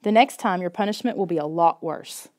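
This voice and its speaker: A woman's voice: lowish voice, a little fast, darkish tone, lightly acted. A woman voicing a stern, strict father scolding his son, from a storybook audiobook. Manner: stern, demanding.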